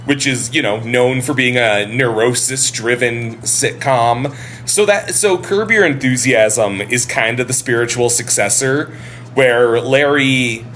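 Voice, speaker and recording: Animated man chatting on a podcast. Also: medium pitch, slight background noise. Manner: animated, laughs often, swears casually. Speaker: podcast co-host. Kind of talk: casual podcast chat.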